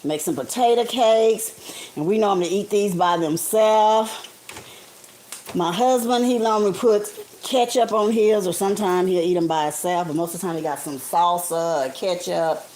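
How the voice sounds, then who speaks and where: Woman host of a home cooking livestream, lowish voice, chatty and homey, faint sizzle of frying behind. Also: darkish tone, a little hiss or hum, low-quality recording. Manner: chatty and homey, calls viewers honey and guys. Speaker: home cook streaming live. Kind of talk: casual live cooking demonstration. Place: home kitchen, frying on the stove.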